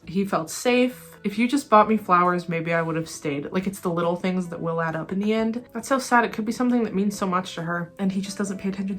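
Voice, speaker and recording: Woman, casual album reaction, chatty, gushing, excitable, mid-pitched voice. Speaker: music reaction YouTuber.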